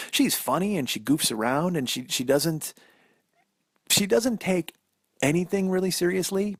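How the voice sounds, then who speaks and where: A man in his forties tells a long personal story on his own podcast. He rambles, swears freely and mocks himself, and his middle-pitched voice sounds dry and close, recorded on a phone. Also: vocal fry, slightly rough, no room sound. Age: 40s. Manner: rambling, self-deprecating, profane. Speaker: podcast host. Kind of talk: solo storytelling monologue.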